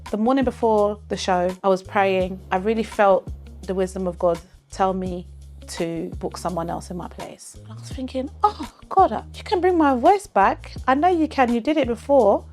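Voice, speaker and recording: Woman singer, mid-pitched, earnest and expressive, recounting a personal story for her channel. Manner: earnest, expressive, faith-filled telling.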